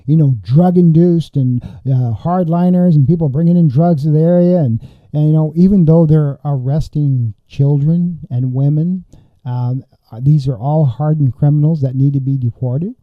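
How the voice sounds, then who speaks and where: A man with a slightly raised pitch hosts a political commentary podcast, reading reports aloud and breaking off to react with indignation. The sound is dry and a little dull, like a modest home setup. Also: normal speed, no room sound. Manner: indignant, reads quotes then comments with outrage. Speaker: podcast host.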